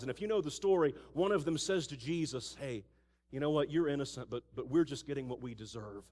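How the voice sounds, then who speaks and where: Lively preacher man in a reverberant hall. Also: mid-range voice. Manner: conversational and animated storytelling. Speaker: pastor. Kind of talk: sermon. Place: church. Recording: church hall with long reverb.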